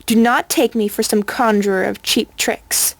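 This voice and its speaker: A woman voicing a serious, wise female unicorn, speaking calmly and firmly. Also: a little high, moderate pace, no echo. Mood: grave.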